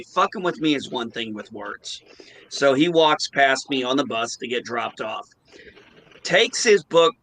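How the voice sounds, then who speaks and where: A man's voice: mid-range voice, slight background noise. A man in a casual chat, telling blunt stories and swearing freely. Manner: blunt, animated storyteller who swears freely. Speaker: podcast co-host.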